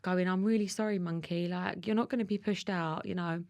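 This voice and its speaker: A woman's voice: on the low side, steady tone, fairly quick, darkish tone, no room sound, dull audio. A woman in her thirties with an Essex accent, a podcast guest telling a personal story in an emotional, tumbling way with restarts. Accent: Essex English. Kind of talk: candid conversational interview.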